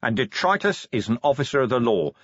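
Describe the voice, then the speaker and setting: A man's voice: mid-range voice, big pitch swings, quick pace, a bit bright, dry recording, highs cut off. A man playing a weary, blunt middle-aged city watch commander who grumbles his lines. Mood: gruff.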